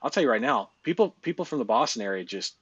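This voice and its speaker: A man's voice: mid-range voice, lively intonation, quick pace, husky, dull audio. A man coaching in a casual, blunt way. He swears a lot, laughs often and uses many fillers. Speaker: live-stream business coach.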